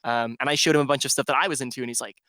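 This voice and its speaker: A man's voice: medium pitch, fairly even intonation, rapid-fire, pushed and bright, dry recording, clean studio sound. A man who is a DJ, telling a long rambling story in casual podcast chat and filling it with "like". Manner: rambling storyteller, heavy "like" filler. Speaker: DJ guest.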